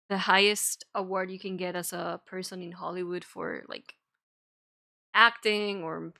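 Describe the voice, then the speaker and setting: A woman's voice: mid-range voice, vocal fry, sharp tone. A young woman streaming, chatting casually and rambling between topics, giggling and swearing now and then. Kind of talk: casual chat.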